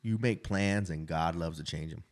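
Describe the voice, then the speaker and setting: A man's voice: deep voice, normal speed. A man in his thirties, a restaurant owner, telling his life story in casual, frank conversation and often adding "right?". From Idaho.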